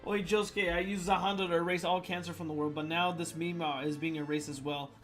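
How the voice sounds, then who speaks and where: A man reading submitted fan jokes out loud in a playful comedic voice, with sudden loud swings. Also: a little high, level tone, fairly quick, soft background music.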